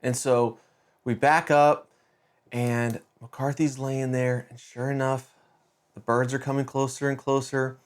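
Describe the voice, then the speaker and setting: In a casual storytelling monologue, a relaxed, middle-aged male podcast host with a mid-pitched voice leans on the key beats. He talks conversationally, with quick restarts and lively emphasis.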